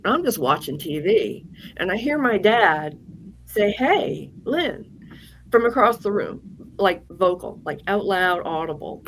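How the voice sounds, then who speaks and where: A woman's voice: fairly low pitch, fairly bright tone, a little hiss or hum, low-quality recording. A woman guest on an interview show, telling a personal story in a candid, rambling way with fillers and restarts. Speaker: guest psychic medium.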